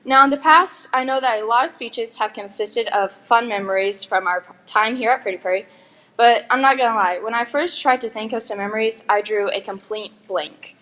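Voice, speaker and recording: A woman's voice: fairly high pitch, moderate pace, a bit bright. Chatty young woman giving a graduation speech. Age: young adult. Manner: chatty, joking, giggling asides. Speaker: graduating valedictorian. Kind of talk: commencement speech. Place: school graduation ceremony.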